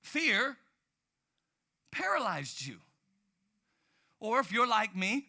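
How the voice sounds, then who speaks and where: A man preaching a sermon, telling stories in an animated way with sudden loud outbursts. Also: high voice, slow, pauses often. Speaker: pastor.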